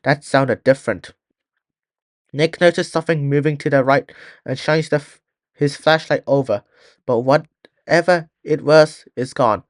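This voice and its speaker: A man's voice: fairly high pitch, normal speed, no echo, clean studio sound. A man reading a fan-written story aloud in a plain way, often restarting words. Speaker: story reader.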